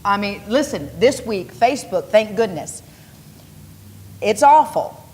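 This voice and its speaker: A woman co-hosting a daytime TV talk show in relaxed, playful banter. She chats freely and hops from one topic to the next, with faint noise behind her. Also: medium pitch, measured pace. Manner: playful and chatty, jumps between topics. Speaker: co-host of a local TV talk show. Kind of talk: casual chat.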